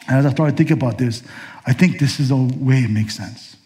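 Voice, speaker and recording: A man's voice: mid-range voice, a little fast, mellow. A male pastor delivering a sermon in a conversational way, with casual asides.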